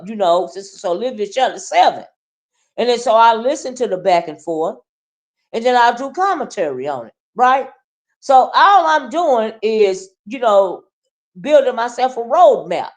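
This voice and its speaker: A woman with a Southern US accent giving sassy, confrontational commentary straight to camera, punctuating her points with "okay?" and "right?". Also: a little high. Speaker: YouTube commentary host. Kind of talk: casual ranting commentary.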